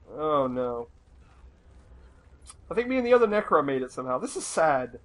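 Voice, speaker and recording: A man's voice: mid-range voice, fairly quick, pauses often, poor audio. A young man from the United States giving casual, rambling gameplay commentary with plenty of swearing and exasperation. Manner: rambling, profane, easily exasperated.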